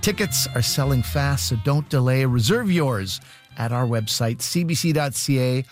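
A man's voice: mid-range voice, expressive, normal speed, soft background music. A man hosting a radio comedy show, announcing acts and events in an upbeat, scripted way.

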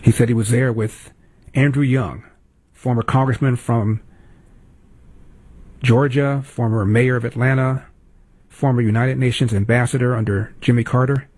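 A man's voice: mid-range voice, steady tone, normal speed, long pauses, a little mellow, husky. A man hosting a talk show, delivering indignant political commentary with emphatic repetition. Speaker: talk radio host.

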